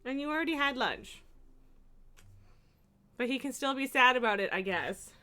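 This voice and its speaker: A woman's voice: sits high, animated, moderate pace, bright, forceful tone. A woman streaming from home, chatting casually and cooing baby talk at her cats. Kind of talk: casual live-stream chat. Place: home room.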